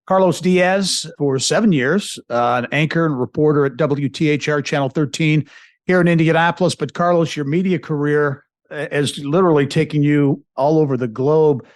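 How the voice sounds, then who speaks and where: A man hosts an interview podcast, his voice a touch higher than most men's. He asks his questions conversationally, stumbling through fillers and restarts, and the recording is dry and close, with no room sound. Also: fairly even intonation, moderate pace, no echo. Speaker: podcast host. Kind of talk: casual interview.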